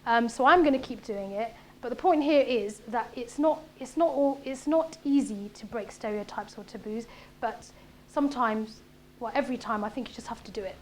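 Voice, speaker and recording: High-pitched woman, 30s, comedic speaker, animated storytelling with faint background noise. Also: normal speed. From Britain. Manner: punchy, animated delivery with quoted voices. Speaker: comedian giving a talk. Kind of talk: conversational talk with comic stand-up bits. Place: event room.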